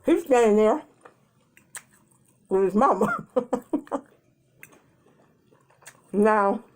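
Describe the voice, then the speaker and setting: Animated woman telling a story time. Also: fairly high pitch, extremely slow. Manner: animated storytelling, acts out quotes in changing voices. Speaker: mukbang vlogger.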